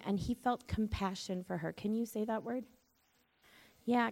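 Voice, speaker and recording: Woman, children's church teacher, gentle and expressive storyteller, mid pitch. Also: gravelly. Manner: gentle, expressive storytelling to children, asking them to repeat words. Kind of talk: children's Bible lesson.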